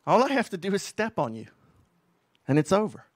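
A man voicing God as a scornful male figure who mocks rebellious rulers, spoken low and quiet. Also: very animated, fairly quick, dry recording, studio quality. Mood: mocking.

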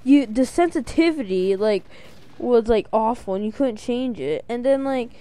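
A woman giving casual commentary while playing a shooter, rambling and jokey, her voice jumping into high excited bursts. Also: normal speed. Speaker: let's play commentator.

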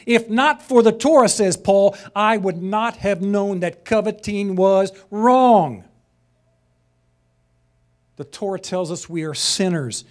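A man's voice: high-pitched, slow, darkish tone. A man teaching a sermon-style lesson, conversational and passionate, rising to emphatic peaks. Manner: conversational asides, chuckles.

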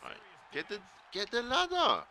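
Man, gaming streamer, wildly swinging pitch, excitable, noisy background. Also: normal speed. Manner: excitable, swears and yells at the game. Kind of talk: live gameplay commentary.

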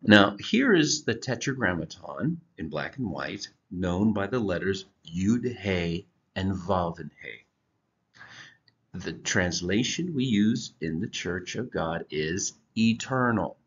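A man teaching a Bible lesson from slides, explaining deliberately with occasional halting restarts. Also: low-pitched, expressive, breathy edge. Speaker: church teacher. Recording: dull lo-fi recording.

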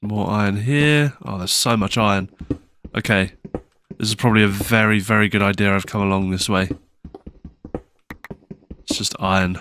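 A man's voice: on the low side, steady tone, moderate pace, long pauses, fairly bright tone, slight background noise. A man giving casual, nervous commentary while playing a video game, with frequent startled exclamations and self-mocking asides. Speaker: gaming channel host.

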